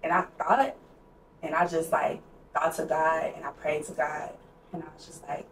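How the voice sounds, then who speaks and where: A woman's voice: deep voice, little pitch movement, normal speed. A young woman co-hosting a podcast, telling a personal story in a candid, casual way with lots of "like". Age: young adult. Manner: candid, conversational, heavy use of "like". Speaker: podcast co-host. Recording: roomy echo, distant mic, faint noise.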